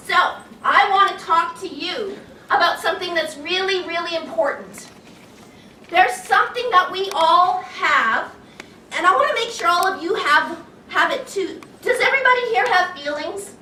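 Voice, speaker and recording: A woman giving an animated talk to an audience, playful and exaggerated, gasping and laughing as she acts out feelings. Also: extremely high pitch, normal speed, far from the mic, slight background noise. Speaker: children's educator giving a talk. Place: large room with an audience. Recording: echoey room recorded from afar, faint ambience.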